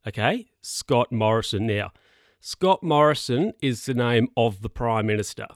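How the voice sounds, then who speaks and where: A man hosts his own podcast and tells a rambling story in a casual, chatty way. His voice sits at an ordinary middle pitch. It comes through a close mic in a dead, dry room with no echo. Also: measured pace. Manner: rambling, chatty, self-correcting with laughs. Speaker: podcast host.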